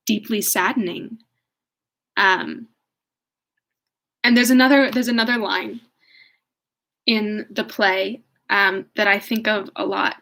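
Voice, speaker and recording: A woman's voice: medium pitch, sharp tone. A young woman reading a novel aloud, then chatting in a casual, thoughtful way, laughing often and trailing off as she searches for things. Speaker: book reader and commentator.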